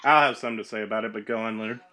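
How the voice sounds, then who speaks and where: Relaxed male co-host with a lowish voice, easygoing. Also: very fast. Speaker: podcast co-host. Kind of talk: casual podcast chat.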